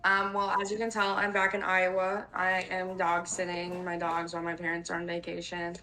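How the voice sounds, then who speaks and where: A young woman co-hosting a chatty podcast with a bright, forceful tone. She rambles through her stories, stacking up "like" and dropping swear words without a second thought. Faint noise hums behind her. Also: fairly low pitch, monotone, normal speed, rough recording. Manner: rambling storyteller, swears casually, lots of "like". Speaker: podcast co-host. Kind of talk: casual chat.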